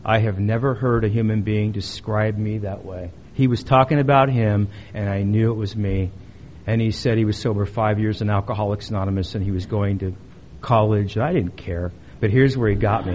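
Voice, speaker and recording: A man's voice: lowish voice, fairly quick, darkish tone, muffled recording, a little hiss or hum. A middle-aged man giving a personal testimony talk at a recovery meeting, blunt and wry, building emphasis as he tells his story.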